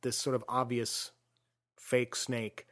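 A man hosting a casual film discussion, explaining his views in a measured way and trailing off softly at the ends of phrases. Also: mid-range voice, completely flat delivery.

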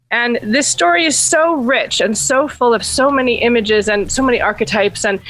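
A woman's voice: fairly high pitch, a bit bright, poor audio. A woman podcast host retelling a fairy tale in a chatty way, with laughs and lots of fillers. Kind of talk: casual storytelling.

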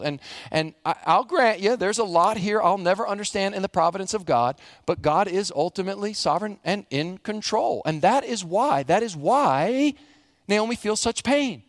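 A middle-aged man, a pastor preaching a sermon, animated, acting out the quotes he reads. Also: high voice, fairly quick, no room sound, studio quality.

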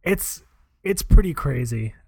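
A man's voice: mid-range voice, expressive, takes it slowly, gravelly, warm tone, dry recording. A man co-hosting a podcast in casual chat. He speaks in an easygoing, hesitant way with many fillers. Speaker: podcast co-host.

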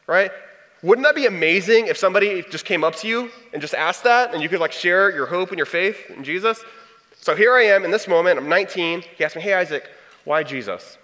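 Young guy telling a story, lively and chatty, kinda high voice, echoing hall. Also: brisk. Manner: animated, conversational storytelling with acted quotes. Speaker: speaker sharing testimony. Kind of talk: storytelling talk to an audience. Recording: long hall reverb.

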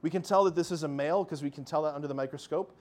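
Man, slightly high voice, animated storyteller, Catholic faith talk to a young crowd. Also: rapid-fire. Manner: animated storyteller, addresses listeners as "guys". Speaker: Catholic speaker.

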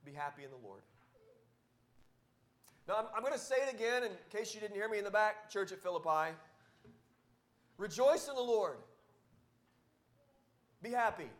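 High-voiced man preaching a sermon. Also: expressive, fairly quick, pauses often. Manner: repetitive, exhortative preaching with wide swings in loudness. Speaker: pastor.

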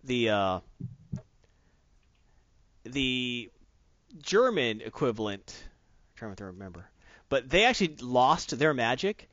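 A man's voice: mid-range voice, very animated, slow pace, pauses often, fairly bright tone, no room sound, muffled recording. A man chatting enthusiastically and rambling, with many restarts, as he co-hosts a casual talk. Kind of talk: casual chat about tabletop games.

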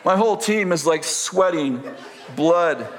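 A man preaching a sermon, telling a story with animated delivery, acting out the dialogue and laughing often. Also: fairly high pitch, unhurried, big-room sound.

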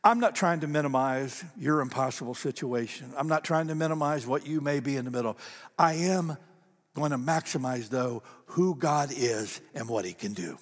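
A man's voice: on the high side, moderate pace. A man preaching a sermon as pastor, telling stories with animation and repeating phrases for emphasis. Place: church sanctuary. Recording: long reverb of a large church hall.

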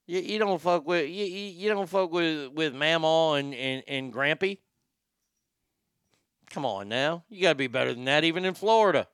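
A man's voice: a little high, moderate pace, a bit bright, clear, resonant tone, dry recording, studio quality. A man hosting a show, telling crude news stories in a sarcastic, joking way. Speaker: host. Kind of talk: casual comedic news commentary.

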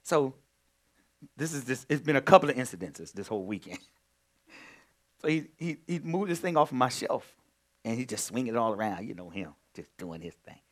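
A male pastor preaching in a conversational way, moving from quiet storytelling to loud, emphatic points. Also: medium pitch, very animated, normal speed, long pauses. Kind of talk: sermon.

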